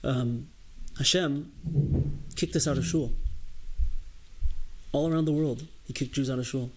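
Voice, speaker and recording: A man's voice: medium pitch, steady tone, a little slow, a little hiss or hum, rough recording. Earnest man preaching a sermon. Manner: earnest and emphatic, repeating phrases as he builds. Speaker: rabbi giving a holiday sermon.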